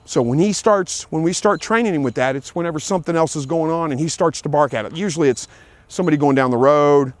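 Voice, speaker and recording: An easygoing man chats about dog training, out in a field, in a plain unhurried way. His voice sits a little high for a man. The sound is dry and close, with almost no room around it. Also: no room sound. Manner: plain, easygoing, repeats himself, calls out commands to his dog. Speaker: dog owner giving training tips. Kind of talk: casual outdoor vlog talk. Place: outdoors in a field.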